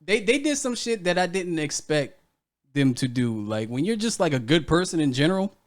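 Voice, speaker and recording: A man's voice: fairly high pitch, big pitch swings, normal speed. A young man co-hosting a podcast, telling a story in casual chat, laughing often and swearing freely. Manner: laughs often, loose and profane. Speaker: podcast co-host.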